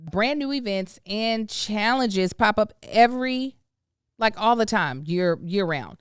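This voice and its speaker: A woman's voice: medium pitch, expressive, slow, clean tone, dry recording, studio quality. A woman podcast host doing casual ad reads and chat, with playful asides.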